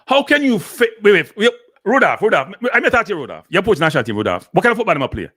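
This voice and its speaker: A man's voice: high-pitched, very animated, racing, fairly bright tone, no room sound, studio quality. A man with a Jamaican accent hosting a live show, ranting and scolding in patois. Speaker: host. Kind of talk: heated live commentary.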